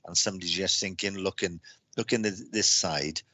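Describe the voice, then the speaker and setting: A man giving live psychic readings on a stream, speaking haltingly with lots of repeated words and restarts. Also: low-pitched, fairly even intonation, sharp tone, dry recording. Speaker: psychic reader.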